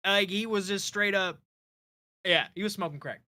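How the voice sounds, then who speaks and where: Bright-voiced man telling animated stories. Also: high-pitched, moderate pace, dry recording. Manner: animated storyteller, swears freely. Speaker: co-host. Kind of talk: casual chat and anecdote telling.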